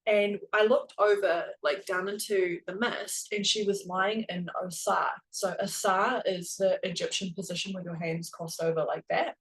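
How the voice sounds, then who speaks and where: A woman speaks at an ordinary pitch in a relaxed, chatty way, sharing a spiritual story. Her talk is earnest and emotional and full of "like" and small restarts. It sounds like a podcast host talking to her listeners. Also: normal speed, few pauses, poor audio.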